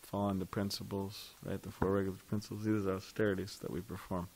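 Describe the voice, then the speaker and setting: A man's voice: deep voice, level tone, fast, creaky, darkish tone. A man teaching a devotional scripture class in a temple, talking in a loose conversational way and putting questions to his listeners.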